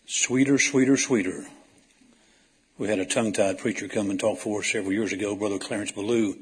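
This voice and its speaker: Guy giving a sermon, raspy husky voice, chatty story style w/ loud emphatic bits. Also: fairly low pitch, little pitch movement, racing. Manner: folksy storytelling, rising to emphatic calls. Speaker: preacher.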